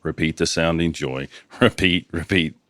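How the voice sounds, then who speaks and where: Very deep-voiced man reading lyrics. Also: a bit bright, dry recording. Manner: halting, sheepish reading. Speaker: co-host. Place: studio.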